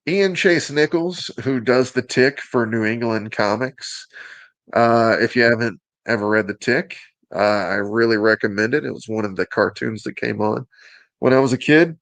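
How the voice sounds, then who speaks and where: An upbeat man with a Southern accent hosts a casual show, joking and teasing as he presents. His voice sits at an everyday middle pitch and sounds dry and close. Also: moderate pace, fairly bright tone, dry recording. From Alabama. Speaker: host.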